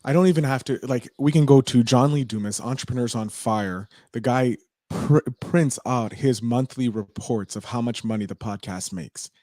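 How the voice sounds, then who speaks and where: A man's voice: medium pitch, normal speed, mellow, no room sound, studio quality. A man hosting a podcast, talking casually and energetically, agreeing with his guest. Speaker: podcast host.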